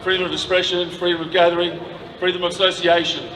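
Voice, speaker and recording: A man's voice: sits high, level tone, fast talker, a crowd in the background. Indignant man addressing a protest. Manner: emotional, indignant. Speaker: protest speaker. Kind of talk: impassioned outdoor speech to a crowd. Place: city street at night, outdoors. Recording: echoey, distant street recording with noise.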